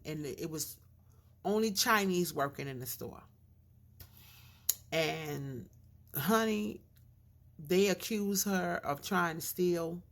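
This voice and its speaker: A middle-aged woman vlogger telling a casual story, animated and a little slurred in her diction. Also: sits low. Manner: animated storyteller, acts out quoted voices.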